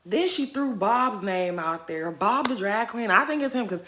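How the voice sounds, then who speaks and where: A sassy voice giving off-the-cuff reality TV reaction commentary. The pitch swings widely, and the tone is bright and forceful as the speaker talks straight at the people on screen. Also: lively intonation, normal speed.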